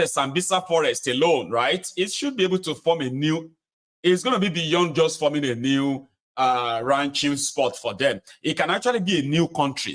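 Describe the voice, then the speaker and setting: A Nigerian-accented man delivering heated political commentary at a middling pitch. He talks in an indignant, emphatic way and repeats words to drive his point home. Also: a bit bright. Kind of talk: opinionated commentary.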